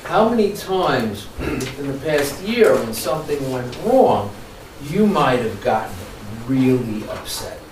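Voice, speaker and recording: Slow and medium-pitched, a man gives a training workshop lecture to a live audience, acting as an animated storyteller who asks the room questions. The recording comes from a distant mic in an echoey room, with a little hiss or hum.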